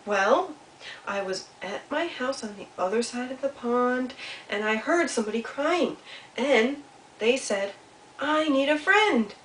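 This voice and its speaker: A woman voicing a small, lonely young male beaver in a storybook reading, with a high, eager manner. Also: animated, a little slow, a bit bright, slight background noise. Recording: echoey room, mic far off.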